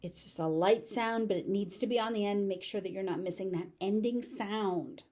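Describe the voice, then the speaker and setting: A woman with a General American accent teaching pronunciation, repeating each word slowly and carefully. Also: mid-range voice, darkish tone. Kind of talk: pronunciation lesson with word drills.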